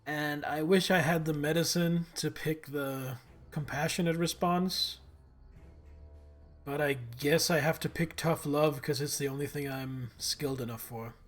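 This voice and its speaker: Male live streamer, rambling gameplay commentary, somewhat raised pitch. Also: fairly even intonation, measured pace, faint music behind. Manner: chatty, rambling aside to viewers.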